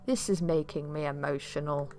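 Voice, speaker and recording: A woman's voice: sits low, steady tone, normal speed, slight background noise, natural voice. A woman voicing a teasing, sentimental single father in a dating game. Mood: emotional. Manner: warm, teasing, easily moved. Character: doting, sentimental single dad.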